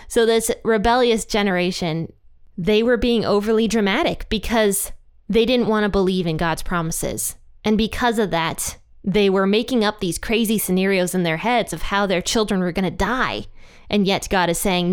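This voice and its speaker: A woman leads a casual Bible study in a relaxed, chatty way, often laughing and giving the quoted lines a playful voice. Her voice is smooth and clean, at an ordinary middle pitch for a woman. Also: moderate pace. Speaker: Bible teacher.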